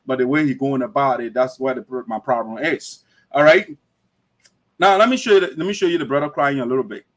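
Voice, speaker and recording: A man's voice: medium pitch, fairly quick. A man hosting an online talk show, lecturing emphatically in livestream commentary. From Liberia.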